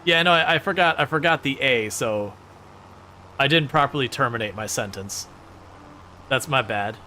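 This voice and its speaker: Bright-voiced chatty man streaming games. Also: medium pitch, normal speed, slight background noise. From Michigan, United States. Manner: chatty, joking, laughs often, many restarts. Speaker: gaming streamer. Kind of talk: casual live-stream chat with viewers.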